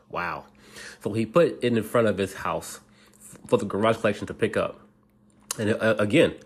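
A man with a low, slightly husky voice reads a bedtime story in a loose, casual way. He stumbles, restarts his sentences and chuckles at his own slips as he goes. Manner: halting, restarts often, laughs at himself.

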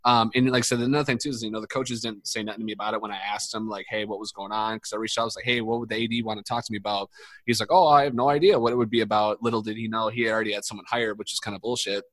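A man's voice: lowish voice, level tone, rapid-fire, a bit bright, no room sound. A young man from the United States, a podcast guest, telling a long story in casual chat, swearing freely and full of fillers and restarts.

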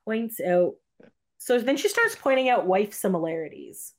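A woman's voice: medium pitch, very animated, normal speed. A woman casually retelling a film's plot to friends, rambling and acting out the characters' lines. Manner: rambling retelling with quoted voices, lots of "like". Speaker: host recapping a film. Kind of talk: casual chat.

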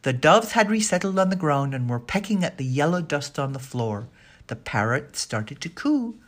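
A woman with a low, slightly husky voice reads a children's storybook aloud. Her pitch moves lively through the sentences, and she lifts her voice for the characters' lines. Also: normal speed. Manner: expressive, voices the dialogue. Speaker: narrator. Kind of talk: storybook reading.

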